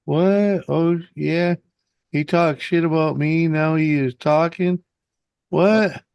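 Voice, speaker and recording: A laid-back man hosting a casual chat with friends. He talks slowly and easily, chuckling along and swearing mildly. His voice sounds dry and close, with no room around it. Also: fairly high pitch, creaky, darkish tone, clean tone, dry recording, dull audio. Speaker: host of a friends' hangout stream.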